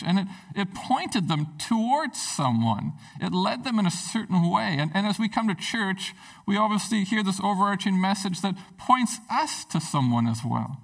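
A man preaching a sermon, talking earnestly and conversationally and often restarting his sentences. His voice is gravelly with some fry and sits fairly high. The sound comes from a mic set back from him. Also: distant mic, low-quality recording. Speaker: pastor.

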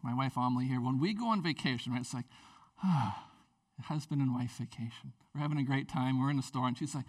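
A man, a pastor, preaching a sermon in a church, swinging between loud, animated bursts and quiet asides with a playful tone. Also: on the high side, a little fast, far from the mic. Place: church sanctuary.

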